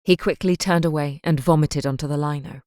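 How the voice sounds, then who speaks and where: Audiobook narrator, woman, low and slow, dry booth sound. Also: steady tone, a little mellow, no room sound. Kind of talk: scripted narration.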